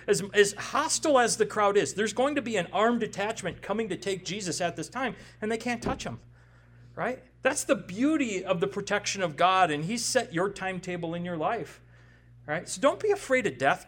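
An expository sermon comes from a male pastor in his forties whose animated voice sits high and sounds a bit bright, at a moderate pace. Conversational and emphatic, he repeatedly checks on the congregation with "right?" tags.

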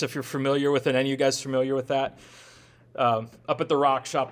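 With a voice that runs a little high, a male pastor delivers his sermon in a conversational style, using rhetorical questions and poking fun at himself.

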